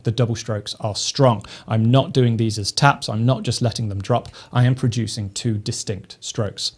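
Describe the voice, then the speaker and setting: Man calmly teaching drum technique. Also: medium pitch. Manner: measured, methodical explaining. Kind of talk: instructional lesson.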